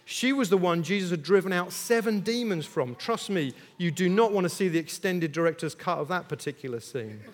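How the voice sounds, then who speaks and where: A man's voice: high voice, lively intonation, a little fast, few pauses. A man, telling a Bible story in first person as a disciple, chatty and jokey with lots of asides. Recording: long echo of a large hall.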